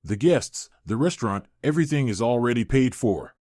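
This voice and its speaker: A male narrator, lightly acting, voices a guilty young fiancé pleading insistently for his partner to stay. The medium-pitched, darkish voice moves at normal speed with lively intonation that rises and falls a lot, recorded close and dry with no echo.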